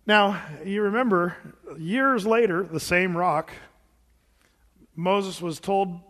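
High-voiced preaching man in a reverberant hall. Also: takes it slowly, fairly bright tone. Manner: rhetorical questions and dramatized retellings. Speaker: pastor. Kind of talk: sermon.

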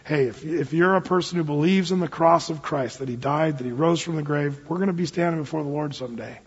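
A man's voice: a little high, fast talker, breathy edge. Earnest male pastor preaching in a hall. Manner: earnest preaching with reflective asides and scripture reading. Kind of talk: sermon. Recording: dull sound with long hall reverb.

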